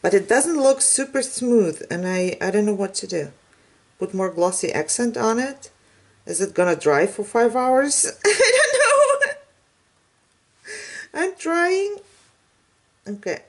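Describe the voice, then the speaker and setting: A woman's voice: medium pitch, measured pace, a little mellow. A woman who speaks English as a second language, chatting casually and laughing often while she demonstrates a craft project. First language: not English. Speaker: craft channel host. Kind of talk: casual crafting tutorial chat.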